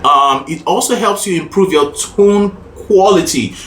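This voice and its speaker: A man's voice: sits high, unhurried, a bit bright, a little hiss or hum. A man coaching a student through a singing lesson, upbeat and encouraging, often checking in with "okay?" and "right?". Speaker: vocal coach. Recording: echoey room, mic at a distance, faint music.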